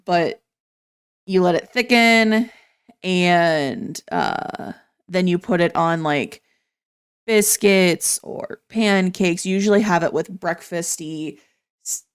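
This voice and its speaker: Woman, podcast guest, unhurried, lowish voice, relaxed. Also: clean tone. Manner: explaining patiently, relaxed. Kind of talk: casual chat.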